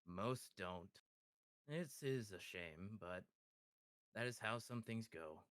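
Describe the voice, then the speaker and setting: A man playing a courteous, quietly menacing devilish gentleman with a low voice. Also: animated, slow, no room sound. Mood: composed.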